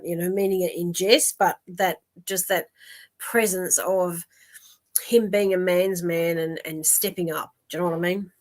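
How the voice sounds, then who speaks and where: Woman, psychic host on a live stream; casual, giggly, rambling. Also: medium pitch. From Australia. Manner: chatty, warm-hearted, laughs often, many fillers and restarts. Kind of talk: live-stream reading, chatting with viewers.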